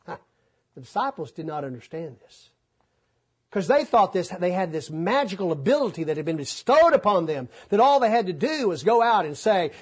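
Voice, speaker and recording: A man preaching a folksy, animated sermon, acting out the scripture voices as he reads. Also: high-pitched, normal speed, breathy edge.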